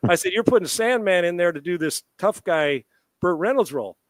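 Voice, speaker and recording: Telling a casual story on live sports radio, a middle-aged man with a rather high voice talks a little fast and acts out each side of the conversation. Profanity flows freely, and the sound is dry and intimate, free of echo.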